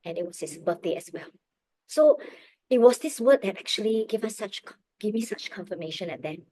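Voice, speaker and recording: A middle-aged woman telling a personal faith testimony as a parent, earnest and emotional, often dropping her voice very low. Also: expressive, a little fast, warm tone, no echo. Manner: earnest, emotional storytelling, drops to near whispers.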